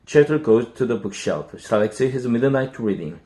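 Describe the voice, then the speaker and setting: A man's voice: medium pitch, animated, normal speed, dark tone. A man from Korea, reading an English children's book aloud as practice, with careful phrasing and small restarts. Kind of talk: storybook read-aloud practice.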